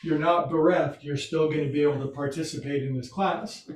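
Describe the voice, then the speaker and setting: A yoga instructor leads a restorative class at home, in a room with a couch and recliner, chatting and joking with self-mocking asides. His voice is a little high and darkish, brisk, with fairly even intonation, and the room sounds echoey.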